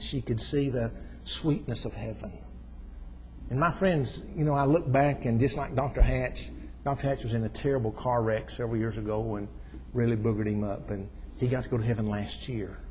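A man preaching a sermon. He tells stories, swells to loud, fervent peaks, then drops soft. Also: mid-range voice, vocal fry, long reverb tail, a little hiss or hum, low-quality recording.

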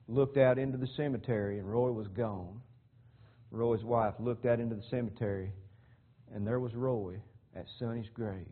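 A man preaching a sermon through a long story, fervent and folksy, often repeating words as he goes. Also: mid-range voice. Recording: tinny phone-like sound.

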